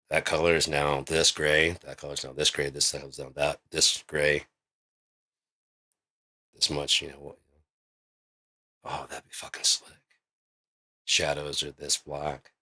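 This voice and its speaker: A man with a very low voice and a forceful, tense edge talks in a loose, rambling vlog monologue. He swears freely and builds excitement as he spins out one idea after another. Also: husky. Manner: rambling, profane, excitable storytelling. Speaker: vlogger.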